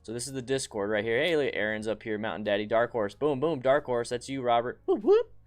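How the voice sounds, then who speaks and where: A man hosting a casual live stream, chatting and reading viewer comments aloud with bursts of excitement. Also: mid-range voice, fast talker, clean tone. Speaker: motorcycle channel host.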